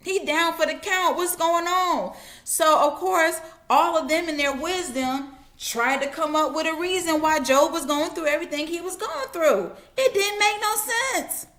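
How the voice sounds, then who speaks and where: A woman's voice: extremely high pitch, measured pace, a bit bright. A woman giving a casual Bible lesson, retelling the story in everyday slang and acting out voices. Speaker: Bible teacher.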